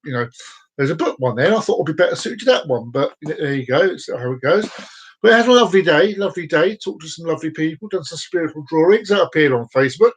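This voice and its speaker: A man hosts a loose, chatty live stream, talking straight to viewers he knows by name. He rambles from topic to topic and leans into corny puns. His voice sits a touch higher than most men's. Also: lively intonation, fast, a little hiss or hum. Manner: jokey and rambling, with groan-worthy puns; chats directly to viewers by name. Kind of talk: casual live-stream chat.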